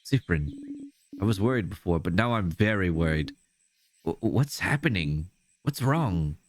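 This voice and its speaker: A man's voice: deep voice, lively intonation, a little slow. A man reading as a cold, curt scholar woman. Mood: worried.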